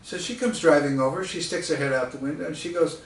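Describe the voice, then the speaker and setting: A man from the United States spins a casual anecdote with laughs and asides. His voice sits a little high. He sounds set back from the mic in a roomy, echoing space. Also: fast talker, recorded from a distance. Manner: chatty, laughing often, with fillers and asides. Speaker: storyteller and author.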